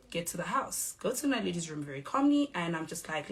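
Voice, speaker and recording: Young South African woman, firm and measured, speaking low, recounting events on camera. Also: sing-song. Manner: measured, firm, acts out quoted exchanges. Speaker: reality show cast member. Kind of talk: direct-to-camera statement.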